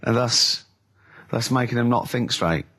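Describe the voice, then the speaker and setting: Brief: a middle-aged male radio host, teasing and animated, with a mid-range voice. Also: medium pitch. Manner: animated, teasing, quick bursts of laughter. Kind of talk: comic radio banter.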